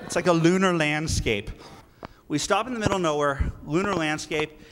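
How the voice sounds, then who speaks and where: A man giving a live speech at a political rally, telling a story in an emphatic, animated way. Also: on the high side, moderate pace. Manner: animated, emphatic, breaks into laughter, acts out quoted lines. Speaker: guest speaker at a political rally. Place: large event hall. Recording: reverberant hall with faint noise.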